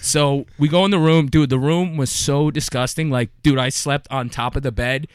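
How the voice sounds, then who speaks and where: A man's voice: medium pitch, fairly even intonation, moderate pace, clear, resonant tone, no room sound. A man guesting on a podcast, laid-back and telling a travel story in casual chat, saying "dude" constantly.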